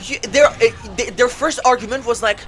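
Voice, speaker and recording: Over music, a streamer with a medium-pitched voice rants a little fast on a livestream about competitive gaming. The rant is heated, indignant, and full of swearing, rambling through fillers and restarts while mocking others with sarcastic quotes.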